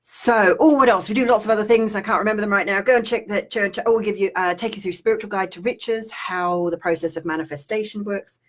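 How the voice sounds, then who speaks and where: A woman's voice: mid-range voice, fast, hardly any pauses. A middle-aged woman from Australia with an Australian accent, chatting casually on a live stream as a spiritual coach, rambling with restarts and fillers.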